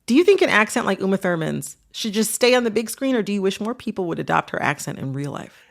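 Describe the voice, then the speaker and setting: A woman from Michigan hosting a podcast interview, relaxed and conversational, laughing easily. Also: medium pitch, fast, creaky. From southeastern Michigan. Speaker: podcast host.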